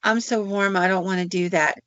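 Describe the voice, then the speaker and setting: A woman's voice: medium pitch, steady tone, brisk, fairly bright tone, no room sound, close to an everyday voice. A woman voicing a young daughter, secretly a witch, who pretends to be sick and evasive with her father. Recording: dull, dry recording.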